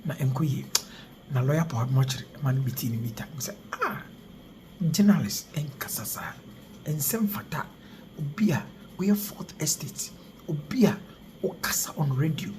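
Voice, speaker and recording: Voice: mid-range voice, expressive, moderate pace, pauses often, background noise. A channel presenter giving dramatic news narration, theatrical and often dropping into whispers.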